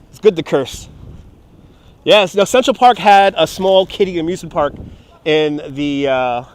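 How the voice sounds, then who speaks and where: Outdoors at an amusement park, a live streamer with a voice on the high side chats casually as he walks, filming on a phone held on a handheld gimbal. His talk rambles, is peppered with curses and laughter, and includes him reading out messages from viewers.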